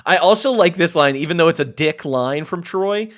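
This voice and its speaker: A man in his thirties hosting a casual movie review chat, relaxed, laughing often and steering with questions. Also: a little high, moderate pace. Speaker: podcast host.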